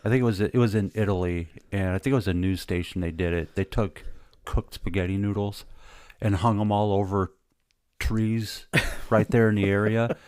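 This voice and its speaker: A middle-aged man co-hosting a podcast, telling stories in a lively way and acting out the voices of the people in them. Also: fairly low pitch, normal speed, smooth, no echo, clean studio sound. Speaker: podcast co-host. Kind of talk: casual chat, animated storytelling.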